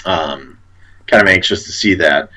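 A man's voice: deep voice, measured pace, pushed and bright, rough recording. A man co-hosting a casual chat about a TV show, hesitant, with many fillers and restarts. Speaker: podcast co-host.

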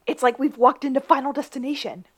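A woman co-hosting a casual podcast recap of a TV episode, moving between high excited bursts and low asides. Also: quick pace. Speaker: podcast co-host.

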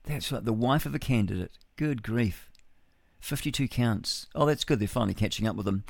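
A man's voice: mid-range voice, normal speed, creaky, dry recording, studio quality. A man hosting solo breakfast radio, musing aloud and reading news with chuckling rhetorical asides. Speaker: radio host. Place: home studio with a window.

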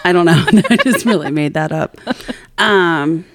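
Swearing heavily and poking fun at herself, a woman co-hosting a podcast rambles through a long story in casual conversation. Her voice is on the low side and animated, and she talks a little slowly.

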